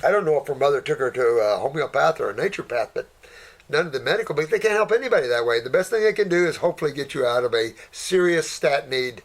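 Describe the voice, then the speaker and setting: An older man holds forth in a loose question-and-answer chat, his voice sitting a little higher than most men's. He rambles in a folksy way, tossing out endearments like honey and sweetheart. He often trails off into fillers while he gropes for a word. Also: animated, quick pace. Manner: trails off searching for words, many fillers. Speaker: naturopath answering viewer questions. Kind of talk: casual Q&A commentary.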